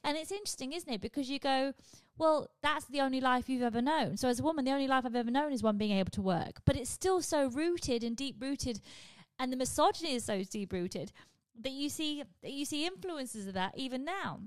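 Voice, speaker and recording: A young woman, a comedian hosting a podcast, ranting in a casual, animated and sweary monologue. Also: sits high, fairly quick, few pauses, smooth, dry recording.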